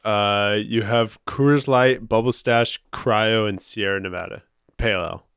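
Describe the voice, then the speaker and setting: A man co-hosting a podcast, trading teasing, profane banter. His voice sits somewhat low for a man. The recording is dry and close. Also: fairly even intonation, unhurried, fairly bright tone, smooth, no room sound. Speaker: podcast co-host. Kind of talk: casual banter.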